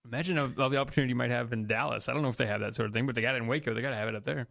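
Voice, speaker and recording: A man co-hosting a casual studio chat, teasing and quick to laugh. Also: mid-range voice, fairly even intonation, gravelly, fairly bright tone. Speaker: podcast co-host. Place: radio studio.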